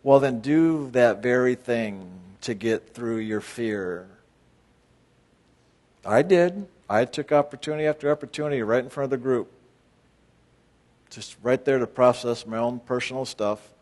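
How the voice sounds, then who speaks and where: A man's voice: medium pitch, normal speed, a little mellow. A man leading a spiritual retreat group, talking bluntly and firing rhetorical questions at his listeners, with sudden emphatic bursts. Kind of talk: group talk to retreat participants.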